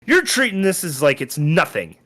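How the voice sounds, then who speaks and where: A man's voice: on the high side, expressive, a little slow, pushed and bright, voice pushed up. Hot-tempered alliance soldier, played by a man, raised and agitated. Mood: furious. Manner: agitated, scolding. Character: frustrated male soldier of a noble alliance, anxious and hot-tempered.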